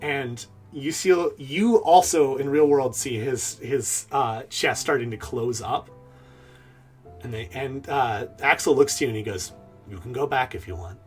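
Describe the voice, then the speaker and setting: A man's voice: mid-range voice, unhurried, soft background music. A man running a tabletop game as game master, narrating in a loose, hesitant way with fillers.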